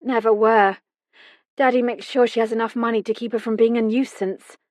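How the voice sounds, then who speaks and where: A woman's voice: fairly high pitch, steady tone, normal speed, darkish tone, no room sound, voice pushed up, close to an everyday voice. Woman voicing a weak, injured young woman. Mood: weak, guarded. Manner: weak, faintly nonchalant.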